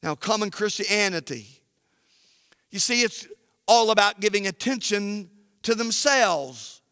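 A man pastor preaching an emphatic sermon, rising to shouts at key points, in a church sanctuary. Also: sits high, lively intonation, measured pace, clean tone, no room sound, clean studio sound, in a large hall.

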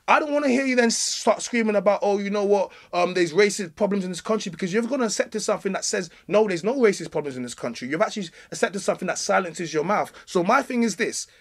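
A man, arguing hard and cutting in during a podcast debate. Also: sits high. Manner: argumentative, interrupting, repeats himself. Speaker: podcast co-host. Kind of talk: heated debate.

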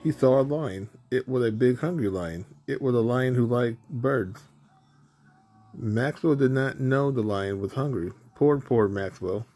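A man reading a children's picture book aloud in a simple, deliberate way, with small stumbles over words. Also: medium pitch, dark tone. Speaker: storybook reader. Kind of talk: children's story read aloud.

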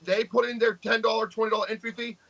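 A man's voice: high-pitched, level tone, quick pace, vocal fry, a bit bright, poor audio. A man, co-hosting a podcast with brash, profane trash talk. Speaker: podcast co-host, arm wrestler. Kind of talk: casual podcast chat.

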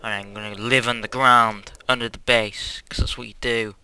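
Hyperactive young guy, very bright voice. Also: mid-range voice, steady tone, normal speed, clear, resonant tone, rough recording. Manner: hyperactive, rambling, self-mocking, bursts of squeals. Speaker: Let's Play host. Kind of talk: casual gameplay commentary. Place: quiet house at home.

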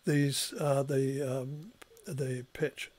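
A male professor giving a recorded tutorial lecture, explaining steadily and clearing his throat now and then. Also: mid-range voice, level tone, drawn-out words, a little mellow.

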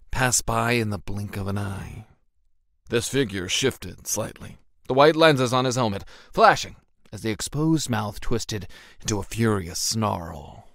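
A man narrating an audiobook with animated, dramatic storytelling. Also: on the low side, vocal fry, dry recording, clean studio sound.

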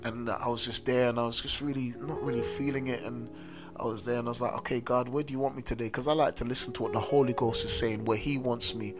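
A man's voice: mid-range voice, steady tone, quick pace. A man with a South London accent preaching a sermon as a street preacher, earnestly mixing in his own testimony and repeating "amen" and "listen to me". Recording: music playing under the voice. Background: music.

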